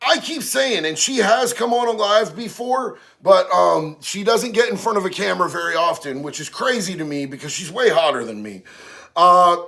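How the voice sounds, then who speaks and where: A man's voice: high voice, expressive, moderate pace, vocal fry, sharp tone. A man hosting a casual livestream, reading chat aloud and answering in slangy, streetwise talk. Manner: slangy, streetwise, says bro a lot.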